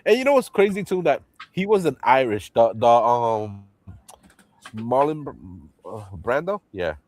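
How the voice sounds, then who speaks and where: A man hosting a livestream in casual chat, animated, laughing often and swearing freely as he acts out movie lines. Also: medium pitch, measured pace, dry recording. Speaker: livestream host.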